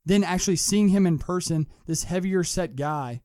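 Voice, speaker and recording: A young man from Kentucky hosting a sports podcast, giving an earnest, lively sports talk monologue. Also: on the high side, brisk, no room sound, studio quality. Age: young adult. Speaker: podcast host.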